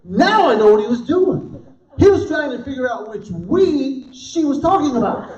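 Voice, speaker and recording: In a large hall before a live audience, a man in his fifties does church-event stand-up, acting out the characters in his animated stories. His very high voice moves at a normal speed over background noise, and the hall recording sounds roomy, distant and dull.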